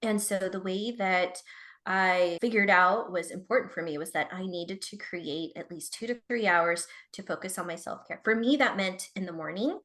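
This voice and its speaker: A woman's voice: fairly low pitch, normal speed, fairly bright tone. A woman productivity consultant, a podcast guest, telling a personal story in a chatty, candid way and speaking straight to listeners. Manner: chatty, addresses listeners directly, frequent "like".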